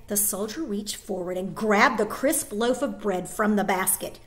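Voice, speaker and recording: A woman teacher reading a children's novel aloud to her class, expressive and with small slips. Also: mid-range voice, normal speed, few pauses.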